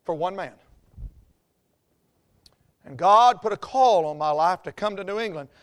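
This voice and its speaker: A man's voice: sits high, lively intonation, a little slow. A middle-aged man from the North Carolina mountains, preaching a sermon with an Appalachian accent and exuberant storytelling. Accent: Southern US Appalachian. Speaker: pastor.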